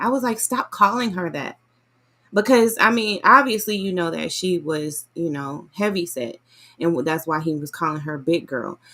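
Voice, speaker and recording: A woman chats casually and animatedly to her listeners. Her voice sits low and has a gravelly edge. She rambles warmly from thought to thought. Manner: chatty, animated, says y'all often. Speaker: vlogger reviewing a book. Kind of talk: casual chat.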